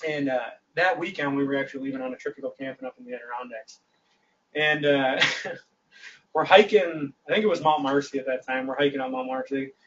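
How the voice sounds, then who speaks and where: A man's voice: mid-range voice, brisk, slight background noise. A man telling a long, funny story in casual chat, laughing as he goes and acting out the voices of the people in it. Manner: animated, laughs through his story, acts out quoted voices. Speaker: guest. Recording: distant, dull livestream audio.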